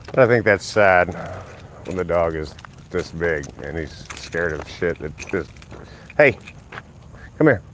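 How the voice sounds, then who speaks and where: Filmed on a phone he holds outdoors on a street, a dog owner live-streams his walk, chatting casually and cursing. He's a little slow with long pauses, and there's a bit of hiss or hum. His relaxed, profane commentary features muttered asides, but his pitch jumps way up whenever he praises the dog.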